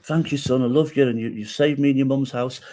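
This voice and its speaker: A middle-aged man spinning a personal story on a podcast, voice of medium pitch. He acts out everyone's lines as he goes and keeps tagging his points with a quick "right?". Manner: animated storyteller who acts out quoted dialogue and tags lines with "right?". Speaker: podcast guest.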